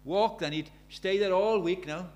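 A man's voice: high-pitched, measured pace, darkish tone. Man preaching a conversational sermon. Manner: conversational storytelling, rising to urgent emphasis.

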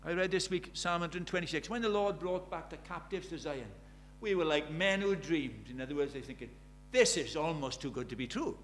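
Male preacher, hushed then urgent. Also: fairly high pitch, brisk, hardly any pauses. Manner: swings from hushed intimacy to loud urgent questions. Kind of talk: sermon.

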